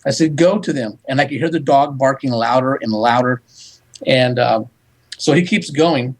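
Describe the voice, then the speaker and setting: A man talking as a psychic medium guest, recounting events in animated storytelling and quoting back-and-forth dialogue. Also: medium pitch, normal speed, low-quality recording. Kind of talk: storytelling in a radio interview.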